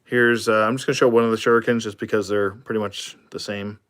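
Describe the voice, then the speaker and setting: A man with a somewhat low voice talks through a casual toy review. He rambles loosely, filling pauses and chuckling along the way. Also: level tone, a bit bright, clean tone. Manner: rambling, many fillers and chuckles.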